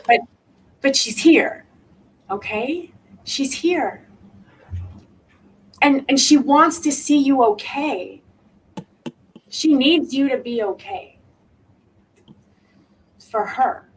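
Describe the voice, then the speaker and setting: A woman with a high voice gives a live spiritual reading as a medium. She talks emphatically and returns to the same words again and again to reassure her listener. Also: drawn-out words, long pauses, slight background noise, rough recording. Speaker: psychic medium.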